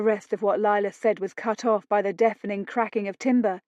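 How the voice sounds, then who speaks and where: A woman narrating an audiobook romance in a slow, deliberate reading. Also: medium pitch, steady tone, darkish tone, dry recording, highs cut off.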